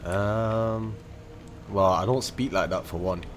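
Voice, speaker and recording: A man's voice: on the low side, slow, background noise. A man from Manchester with a Manchester accent, chatting casually and full of fillers while livestreaming a game. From Manchester, England. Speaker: streamer.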